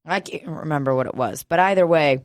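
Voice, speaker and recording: A woman co-hosting a casual podcast chat, telling profane, animated stories and acting out the people in them. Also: deep voice, fairly quick, no room sound, studio quality. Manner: profane, animated storytelling with acted-out quotes. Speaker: podcast co-host.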